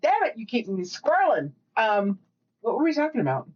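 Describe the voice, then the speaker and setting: A woman's voice: fairly high pitch, sing-song. Chatty swearing woman cohost rambling on a podcast, kinda muffled lo-fi sound. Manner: chatty, profane, rambling with quick asides. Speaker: podcast co-host. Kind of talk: casual chat.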